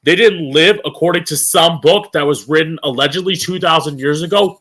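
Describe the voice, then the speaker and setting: A man's voice: a little high, a little fast, hardly any pauses, bright, forceful tone. A young man hosting a live-streamed opinion show, ranting angrily with a lot of profanity and emphasis. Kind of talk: opinionated rant.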